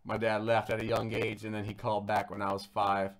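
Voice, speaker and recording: A man's voice: fairly low pitch, a little fast, vocal fry. A man hosting a casual livestream chat, telling stories with lots of laughter and acting out the voices of the people he quotes. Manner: animated storyteller who laughs often. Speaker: livestream host.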